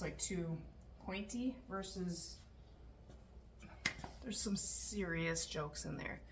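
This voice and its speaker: A woman's voice: medium pitch, far from the mic. A woman vlogger talking viewers through a home repair step by step, thinking aloud with jokey asides, recorded in her home entryway. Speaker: DIY vlogger. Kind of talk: casual step-by-step repair narration. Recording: echoey room, off-mic, background noise.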